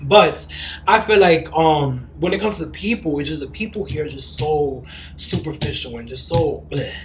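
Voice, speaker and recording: Young guy with a high voice cussing up a storm on his podcast, echoey room. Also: moderate pace, a little hiss or hum. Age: young adult. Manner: brash, profane and animated, with mocking shrieks. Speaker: podcast host. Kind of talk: casual chat. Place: lives in Los Angeles.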